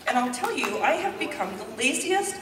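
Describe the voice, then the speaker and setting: A woman's voice: sits high, sing-song, normal speed, a crowd in the background. A woman in her fifties from Canada, a nurse and mother, telling a candid personal story to an audience at a public presentation. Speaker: public speaker. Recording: echoey hall, mic from a distance.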